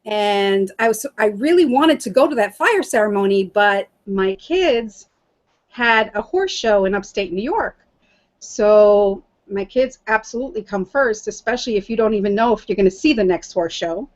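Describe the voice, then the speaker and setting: A middle-aged woman telling her story as an interview guest, animated and laughing often as she acts out what others said. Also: medium pitch, moderate pace.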